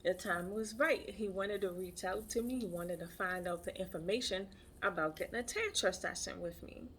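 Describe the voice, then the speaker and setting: A woman's voice: lowish voice, moderate pace, fairly bright tone, slight background noise. A woman who practices tantra, telling a personal story in a chatty, emphatic way and repeating her phrases. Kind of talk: casual storytelling.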